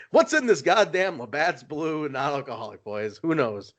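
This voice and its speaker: A man's voice: fairly high pitch, sing-song, fairly quick, few pauses. A man co-hosting a casual wrestling podcast, rambling and joking as he tells stories. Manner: rambling, jokey storytelling. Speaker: podcast co-host. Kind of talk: casual chat.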